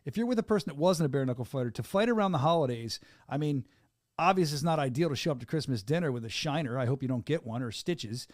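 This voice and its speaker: A middle-aged man hosts a podcast in fast, animated banter. His voice sits fairly high, and the sound is close and dry with no room in it. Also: no room sound. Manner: animated, joking, fast-talking. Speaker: podcast host. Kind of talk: casual podcast chat.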